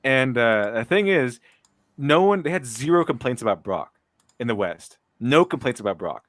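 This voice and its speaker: A man's voice: mid-range voice, very animated, moderate pace, no room sound, clean studio sound. A man hosting a casual commentary chat, rambling with restarts and a mocking tone. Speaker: podcast host.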